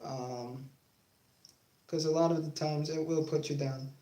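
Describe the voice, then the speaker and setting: A young man hosting his own sports talk channel, talking casually with many fillers and pauses, growing defiant. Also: a little high, steady tone, dark tone. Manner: halting, many fillers, then heated and defiant. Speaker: YouTube sports channel host. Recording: echoey room.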